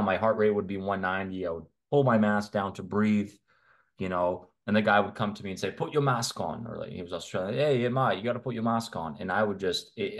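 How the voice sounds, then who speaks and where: A man from Canada, a men's health coach, talking as a guest in a casual interview in a blunt, opinionated way. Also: low voice. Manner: blunt, opinionated, talks in long runs.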